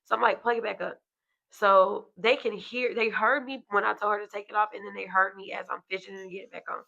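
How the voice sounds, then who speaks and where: A woman and mother co-hosting a podcast, telling a story in casual chat, animated and swearing freely as she acts out what others said. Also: mid-range voice, fast, creaky, highs cut off.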